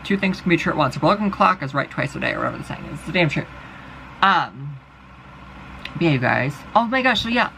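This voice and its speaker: A man's voice: on the high side, very animated, quick pace, creaky, sharp tone, slight background noise, rough recording. A young man vlogging, delivering a rambling, profane and exasperated monologue. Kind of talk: casual ranting monologue.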